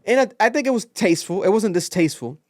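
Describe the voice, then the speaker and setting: Young male podcast host, slightly high voice, dry close mic, animated storyteller. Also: quick pace, no room sound. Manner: animated storytelling, acts out quotes. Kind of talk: casual podcast chat.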